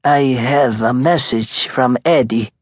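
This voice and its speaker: Menacing Italian-accented hitman, quiet, measured, voiced by a man, dry close sound. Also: mid-range voice, no echo, pitched above the performer's own voice.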